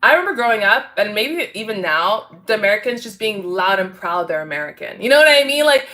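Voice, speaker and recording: Bright, bubbly woman host. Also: mid-range voice, sing-song, fairly quick. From Canada. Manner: bubbly, chatty, laughs often. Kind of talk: casual livestream chat with viewers.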